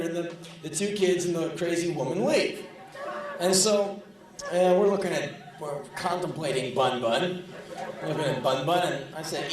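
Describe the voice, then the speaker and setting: Man, profane sardonic storyteller, fairly high voice, echoey live hall, audience in the room. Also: moderate pace, distant mic. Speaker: spoken word performer. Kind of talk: live spoken word storytelling. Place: large live venue.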